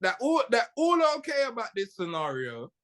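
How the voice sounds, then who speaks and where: Young man, high voice, joking podcast co-host. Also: huge pitch swings, moderate pace, fairly bright tone. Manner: joking, slangy, riffing. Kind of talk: casual chat.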